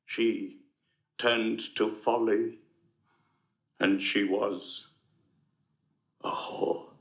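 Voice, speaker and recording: Othello, a tormented jealous general. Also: male voice, very animated, slow, sharp tone, heavily acted. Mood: bitter. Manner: declamatory, swings from wild cries to low brooding. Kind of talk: 1960s Shakespeare film acting. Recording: dull roomy 1960s film soundtrack.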